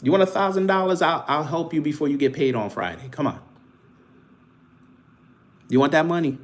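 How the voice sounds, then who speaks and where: A man's voice: fairly high pitch, normal speed. A man hosting a live stream, teasing and taunting his chat with casual banter and frequent laughs.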